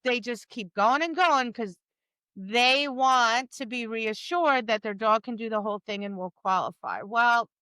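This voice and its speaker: Bright high-voiced woman, animated. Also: measured pace, clean tone, no echo. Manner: animated, acts out quoted lines to dogs and students. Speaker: podcast co-host, dog trainer. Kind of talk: casual chat.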